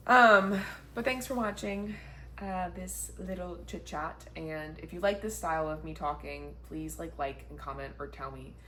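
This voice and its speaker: Young woman, low voice, chatty vlog talk full of likes, bit of faint noise behind. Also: measured pace, a bit bright. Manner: chatty and heartfelt, many "like" fillers. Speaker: vlogger, marathon runner. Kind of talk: casual sit-down chat. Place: indoors, sitting down.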